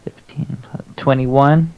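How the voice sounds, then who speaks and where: A man's voice: mid-range voice, steady tone, takes it slowly, creaky, clear, resonant tone, no echo, phone-quality sound. Brash, profane male player.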